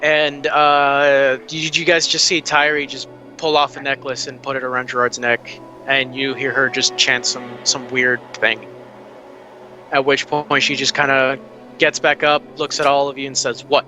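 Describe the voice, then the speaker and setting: A man's voice: medium pitch, little pitch movement, a little slow, bright, forceful tone, soft background music. A man narrating as game master of an online tabletop game, rambling and restarting his phrases.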